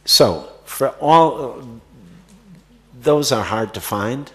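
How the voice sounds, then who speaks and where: A man's voice: mid-range voice, animated, slow pace. A man answering audience questions about acting at a festival Q&A, rambling with many fillers and restarts. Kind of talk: festival Q&A conversation.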